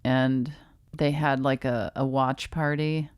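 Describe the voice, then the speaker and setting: A woman comedian and podcast co-host telling a halting, filler-heavy story while she has the hiccups. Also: rumbling low, flat delivery, clear, resonant tone, no echo, studio quality. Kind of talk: casual storytelling chat.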